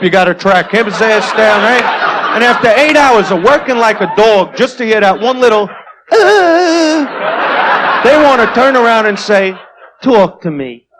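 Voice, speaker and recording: A man's voice: sits high, noisy background. A man doing a crude, swaggering stand-up routine who keeps asking the crowd "right?", heard on an old 1980s TV tape. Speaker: stand-up comedian. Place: comedy club stage.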